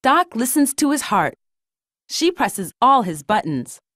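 A woman reading a children's storybook aloud in a gentle, lilting read-aloud manner. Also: a little high, sing-song, measured pace, no echo, studio quality. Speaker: storybook narrator.

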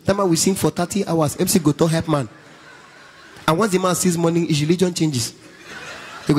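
A man's voice: on the high side, fairly quick, darkish tone. Nigerian man doing stand-up in church. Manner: storytelling, Pidgin asides, mimicking others. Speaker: stand-up comedian. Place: church stage. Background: keyboard music.

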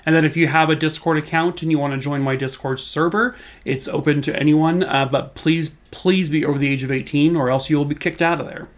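A young man telling true crime stories in a casual, chatty vlog, full of fillers and slightly hoarse as he loses his voice. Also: a little high, fairly even intonation, fairly quick, few pauses. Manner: chatty, filler-heavy, self-deprecating.

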